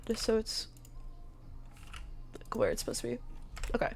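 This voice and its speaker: A woman's voice: a little high, big pitch swings, normal speed, slight background noise. A woman giving a casual screen-recorded tutorial, chatty and thinking aloud with many fillers, with the hiccups. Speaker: 3D modeling tutor.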